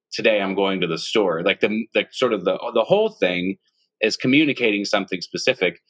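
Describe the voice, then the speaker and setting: Bright-toned male podcast host, reflective. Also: fairly low pitch. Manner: reflective, rephrases and builds on the guest's points. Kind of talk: conversational interview.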